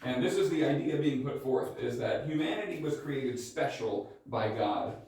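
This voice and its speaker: A man's voice: medium pitch, expressive, normal speed, gravelly, a little mellow. A man teaching a church class, talking casually with lots of "um" and restarts. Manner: casual, many fillers and restarts. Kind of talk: classroom lecture. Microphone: mic far from the speaker. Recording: very echoey room, distant mic.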